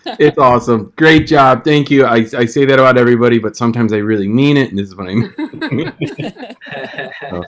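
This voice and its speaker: A man's voice: mid-range voice, brisk, pauses often. A man hosting an online comedy show from home, joking and giggling between acts as he brings on the next comedian.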